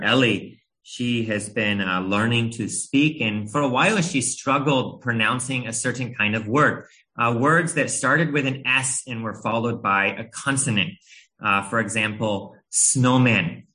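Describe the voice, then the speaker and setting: A man in his thirties preaching a sermon, telling a family story in an earnest, gentle way with a few hesitations. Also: on the low side, rough recording.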